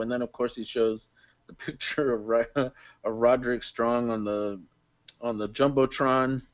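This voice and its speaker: A man co-hosting a casual wrestling podcast, excitable and quick to laugh, recapping the show. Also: medium pitch, dry recording. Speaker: podcast co-host. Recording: dull dry home mic.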